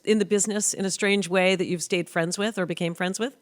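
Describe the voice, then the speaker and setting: A woman's voice: medium pitch, steady tone, fairly quick. A woman hosting an interview show, asking questions in a friendly, casual way. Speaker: host.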